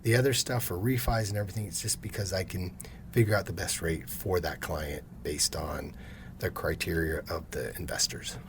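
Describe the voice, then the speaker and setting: A mortgage loan officer in his fifties tells stories during a casual podcast interview, animatedly acting out his customers' lines. His voice is low-pitched at a normal speed, heard against a noisy background.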